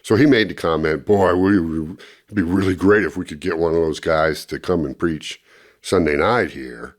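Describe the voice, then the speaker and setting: An older man, interviewed, recounting a personal story and acting out what others said in lively bursts. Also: a bass voice, moderate pace. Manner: animated storytelling, acting out quoted speech. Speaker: interviewee, former ministry student.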